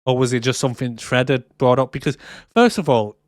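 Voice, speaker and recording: A man's voice: medium pitch, brisk, no echo, clean studio sound. A man co-hosting a movie podcast, chatting casually, swearing freely and retelling scenes. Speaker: podcast co-host. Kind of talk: casual chat.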